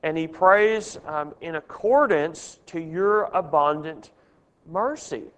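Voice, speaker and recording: Man teaching Bible study, earnest, fairly high voice, long hall reverb. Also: slow, a bit bright, clear, resonant tone. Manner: earnest, asks the group questions.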